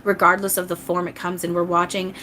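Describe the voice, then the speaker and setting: A woman's voice: fairly low pitch, level tone, fairly quick, sharp tone, a little hiss or hum. Chatty woman on a live stream. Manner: chatty, rambling, with frequent restarts; apologetic and earnest with viewers. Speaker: channeler giving live readings. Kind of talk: casual live-stream chat.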